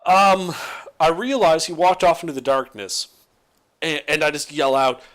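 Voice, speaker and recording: A man with a slightly raised pitch plays his cleric with playful, preachy lines. His delivery leans into sermon-like pronouncements, light and joking. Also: steady tone, a little slow, a bit bright. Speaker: player. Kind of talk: tabletop game play.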